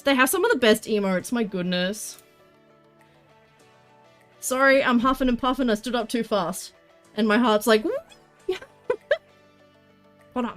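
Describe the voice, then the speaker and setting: A high-pitched woman chats away on a live stream while she works on crafts. She is bubbly and excitable and cheers when she greets viewers. Soft music plays faintly behind her. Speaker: livestreamer.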